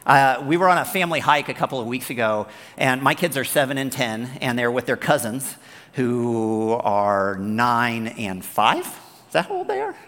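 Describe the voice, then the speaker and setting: A man preaching a sermon as pastor, talking in an animated, conversational way and telling stories. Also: medium pitch, normal speed, long reverb tail. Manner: animated, conversational, storytelling, acts out the characters.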